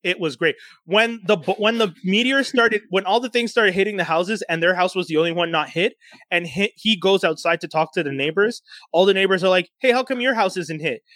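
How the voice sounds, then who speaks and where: A man casually retelling a show's plot to friends, animated and profane, breaking into laughter. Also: high-pitched, fairly quick, dry recording. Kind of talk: casual storytelling recap.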